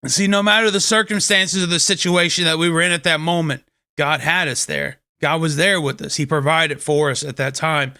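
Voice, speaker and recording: Bright earnest man sharing a faith story. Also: on the high side, steady tone, a little fast, clean tone, no room sound, studio quality. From Kentucky. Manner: earnest storytelling with many restarts. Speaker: host of a faith talk show. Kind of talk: casual inspirational talk.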